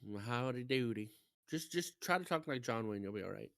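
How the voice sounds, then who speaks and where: A man's voice: mid-range voice, lively intonation, quick pace, vocal fry, a bit bright, no room sound, studio quality. A man co-hosting a gaming podcast, playfully teasing and explaining game lore in a casual, loose way. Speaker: podcast co-host. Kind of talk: casual chat.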